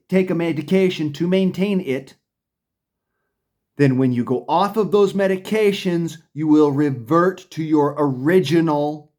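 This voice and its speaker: A man's voice: a little high, a little mellow. A man delivering a profane, combative ranting monologue to camera, often stumbling and restarting his sentences. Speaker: vlogger.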